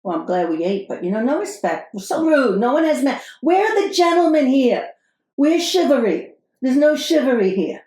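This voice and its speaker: An exasperated, fussy Brooklyn wife with a thick put-on New York accent, played by a woman. Her voice sits fairly high as she complains in animated bursts. The sound carries a roomy echo. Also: moderate pace. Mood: indignant. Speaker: podcast co-host in character. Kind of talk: improvised comedy sketch.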